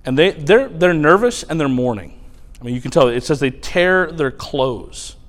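A man preaching a sermon, retelling a scripture story in animated, colloquial language. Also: fairly high pitch, moderate pace. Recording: long hall reverb.

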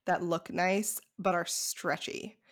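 A woman's voice: on the low side, steady tone, slow pace. A woman co-hosting a podcast in casual chat, chatty and saying "like" often. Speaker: podcast co-host.

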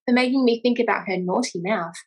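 A young adult woman co-hosting a podcast, relaxed and wry, reading quotes aloud in casual chat. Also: a little high, quick pace, slightly rough. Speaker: podcast co-host.

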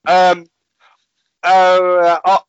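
A man's voice: high voice, completely flat delivery, very slow, smooth, no echo, muffled recording. A man hosting a casual football podcast, blunt and swearing, laughing often. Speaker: podcast host.

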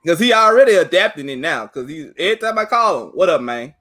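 Male co-host, high animated voice, teasing and repetitive, laughing often. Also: quick pace. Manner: teasing, repeating himself, laughing. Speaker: podcast co-host. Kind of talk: casual sports chat.

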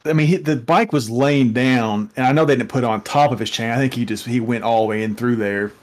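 A man co-hosting a podcast, telling rambling stories in casual chat with lots of restarts. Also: mid-range voice. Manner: rambling, halting storyteller. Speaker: podcast co-host.

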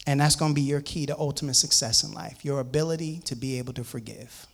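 A man's voice: medium pitch, fast. A man preaching a sermon, reading scripture aloud and explaining it to his listeners. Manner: reads scripture aloud and comments on it; repeats words and restarts, addresses listeners as "man".

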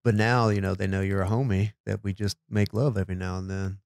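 Deadpan teasing dude on a podcast, lowish voice, dry close mic. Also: male voice, fast talker, gravelly, dry recording. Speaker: podcast co-host. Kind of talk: casual chat.

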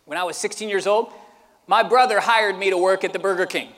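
A man preaching a sermon who tells a lively story and acts it out with sound effects. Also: high-pitched, a little fast, big-room sound. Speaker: pastor.

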